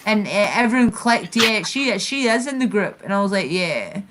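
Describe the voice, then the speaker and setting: A woman's voice: mid-range voice, very animated, moderate pace, background noise. A Scottish woman hosting a casual chat stream, rambling and swearing as she retells online feuds. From Scotland. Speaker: channel host.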